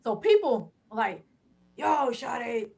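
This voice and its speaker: A woman in her thirties, a podcast guest, telling stories in a loud, animated way with quick laughing asides. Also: on the high side, vocal fry, breathy edge. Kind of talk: animated storytelling.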